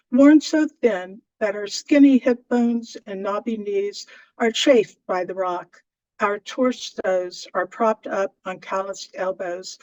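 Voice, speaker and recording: A woman reading her poem aloud in a measured way, with deliberate pauses. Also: medium pitch, darkish tone, no echo, muffled recording. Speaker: poet. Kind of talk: poetry reading.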